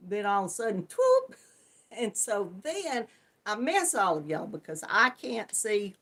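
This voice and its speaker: A woman who hosts a crafting channel chats casually on a live stream, laughing often and greeting viewers by name. Her mid-range voice is a bit bright and unhurried, with big swings in pitch.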